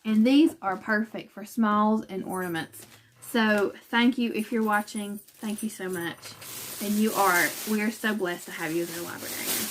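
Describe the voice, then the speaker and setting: A woman's voice: mid-range voice, fairly even intonation, moderate pace, a little hiss or hum. A woman from West Virginia hosting a cross-stitch channel in casual chat from home, talking in a chatty, self-conscious way with fillers and laughs.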